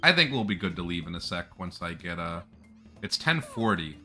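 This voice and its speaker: A man's voice: deep voice, sing-song, moderate pace, pushed and bright, soft background music. A man giving chatty, jokey, casual commentary while playing a video game. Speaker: gameplay streamer.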